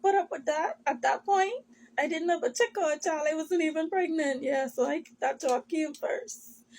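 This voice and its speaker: A high-voiced woman pours out a personal testimony to the camera. She speaks with deep emotion, circles back on her words, and calls her listeners people of God, her voice at times tearful. A faint hum sits behind her. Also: darkish tone. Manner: impassioned, repetitive, addresses listeners as "people of God".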